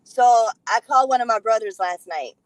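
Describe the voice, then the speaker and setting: A woman with a high-pitched voice talks straight to camera in a casual monologue. She is blunt and profane, and she leans hard on her points as she tells the story. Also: moderate pace, dry recording, rough recording. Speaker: vlogger.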